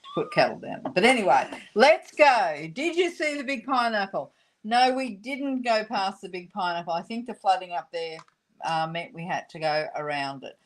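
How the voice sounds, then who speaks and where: An Australian woman hosting a live craft class, chatting in a relaxed, halting way and laughing often. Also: mid-range voice.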